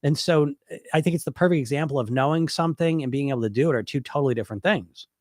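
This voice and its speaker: His voice runs a little high and darkish, delivered rapid-fire, in a dry, clean studio recording. He's a middle-aged podcast host and hypnotist weight coach nursing a stuffy head cold, answering questions on a casual live stream in a blunt, rambling way full of "you know" fillers.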